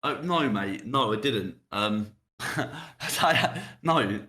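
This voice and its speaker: A man's voice: medium pitch, animated, drawn-out words, sharp tone. A young man hosting a podcast, talking bluntly and casually, swearing and laughing often. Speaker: podcast host. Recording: roomy echo.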